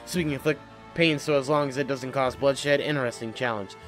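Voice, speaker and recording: A man voicing a sly, creepy male retainer with a low, menacing drawl. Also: fairly even intonation, brisk, fairly bright tone, soft background music, natural voice. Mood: sinister.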